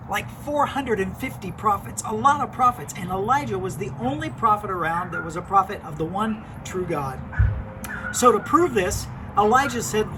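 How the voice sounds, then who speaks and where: High-voiced man telling kids a Bible story. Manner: animated, repeats words while telling. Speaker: children's ministry storyteller. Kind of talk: Bible story told to children. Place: outdoors in a backyard by a fire pit. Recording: noisy outdoor recording.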